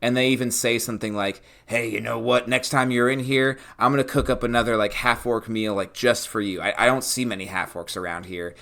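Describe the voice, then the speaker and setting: A man co-hosting a casual tabletop-gaming podcast, animated, acting out little scenes as he explains. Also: medium pitch, vocal fry. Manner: animated, acts out scenes in quick asides. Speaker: podcast co-host. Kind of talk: casual chat about tabletop games.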